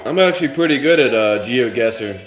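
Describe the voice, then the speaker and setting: A man's voice: medium pitch, animated, fairly quick, noisy background. A man hosting a live stream, chatting casually and rambling with his viewers. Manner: rambling, laid-back, chats with commenters. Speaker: livestream host.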